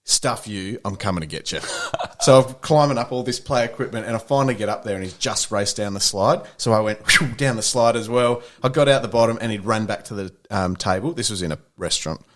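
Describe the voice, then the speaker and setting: Bloke, thirties, podcast co-host, storytelling with a lowish voice. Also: male voice, fairly quick, few pauses. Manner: animated anecdote teller, mate-ish banter. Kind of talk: casual chat, storytelling.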